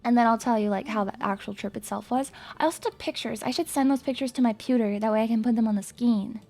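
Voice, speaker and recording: A young woman livestreamer chatting casually with viewers, playful and excitable, swearing and breaking into loud screams and laughs. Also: on the high side, fast, faint music behind. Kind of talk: casual chat to stream viewers.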